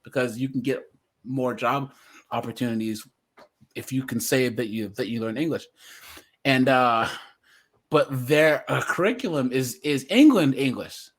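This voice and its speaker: A man hosting a casual livestream commentary, chatty and laughing often, jumping into high mimicking voices. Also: measured pace, slightly rough.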